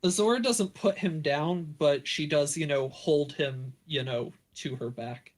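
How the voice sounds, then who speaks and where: Tabletop player, a man with a slightly high voice who rambles through his moves. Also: a little slow. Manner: rambling, many fillers. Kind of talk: casual tabletop game play.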